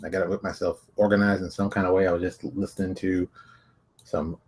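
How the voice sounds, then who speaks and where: A man's voice: sits low, steady tone, normal speed, warm tone. Man, show host, brash, jokey, self-mocking, casual solo talk.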